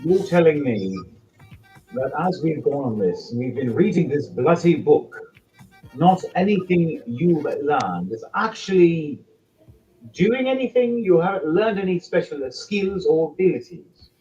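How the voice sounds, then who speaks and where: A man's voice: a little high, animated, unhurried, mellow, dull audio, soft background music, pitched above the performer's own voice. A man voicing a haughty, irritated young male elf who talks with scorn in a tabletop game. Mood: scornful.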